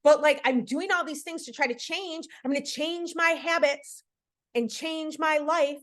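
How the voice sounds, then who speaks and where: A woman's voice: high voice, unhurried. Earnest, encouraging woman on a video call. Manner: earnest, encouraging, frequent fillers like "you know" and "like". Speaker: podcast host leading a book club. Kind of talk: casual live book club chat.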